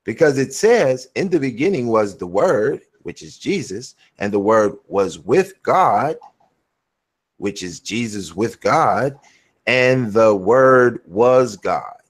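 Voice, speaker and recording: A man hosting a casual talk, slowly explaining his view and reading scripture aloud with deliberate emphasis. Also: mid-range voice, very animated, husky. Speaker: host. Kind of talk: casual religious discussion.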